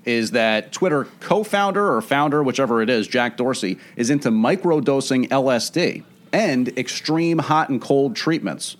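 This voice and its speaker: A man's voice: mid-range voice, lively intonation, moderate pace. A man hosting a trivia podcast, reading the questions and rules in a chatty, self-deprecating way. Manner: chatty, self-deprecating, stumbles over words.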